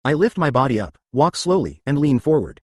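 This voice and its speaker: A man's voice: medium pitch, sing-song, a little fast, husky, no echo, studio quality. A man teaching an exercise lesson, explaining and often checking whether listeners follow. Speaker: exercise instructor.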